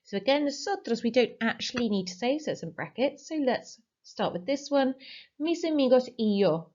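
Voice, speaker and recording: A woman teaching a recorded Spanish lesson, giving clear explanations and slowly modelling phrases for pupils to repeat. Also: fairly high pitch, animated, a little mellow, muffled recording. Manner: slow, clearly modelled pronunciation for repetition. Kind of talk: recorded online language lesson.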